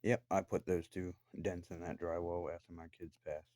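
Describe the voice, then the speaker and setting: A man's voice: deep voice, little pitch movement, normal speed, dark tone. A man delivering an angry, profane, accusatory rant to the camera from his own room downstairs in a house. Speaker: vlogger.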